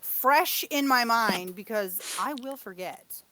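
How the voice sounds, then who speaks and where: A woman's voice: on the high side, animated, slow pace, bright, forceful tone, no room sound. Woman in her thirties, giggly, self-deprecating, rambling casual chat. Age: 30s. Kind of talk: casual chat about characters.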